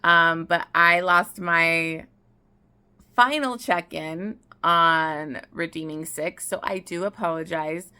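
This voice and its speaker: This young woman speaks slowly in a low, bright, forceful voice with a clean tone. She's a book vlogger chatting casually outdoors, tearful and emotional, rambling and restarting sentences as she goes.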